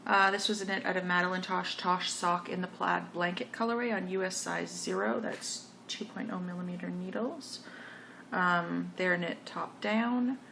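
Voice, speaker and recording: A woman's voice: lowish voice, fairly even intonation, normal speed, vocal fry, sharp tone, slight background noise. A woman hosting a knitting video podcast, talking casually and rambling through her finished projects. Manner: chatty, rambling, self-correcting. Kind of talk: casual show-and-tell chat.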